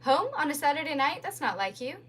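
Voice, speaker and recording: Woman reading a sharp, scornful young woman. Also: high voice, sing-song, brisk, slight background noise, pitched above the performer's own voice. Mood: cool. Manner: cutting, blunt and scornful.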